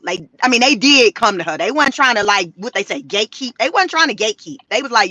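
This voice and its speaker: A woman chatting about the news in a high voice, slangy and animated as she turns the story into a performance. Her tone is bright and cutting, and she keeps calling out to her viewers. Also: fast talker, no room sound, rough recording. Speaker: commentary vlogger. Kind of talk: casual commentary on news gossip.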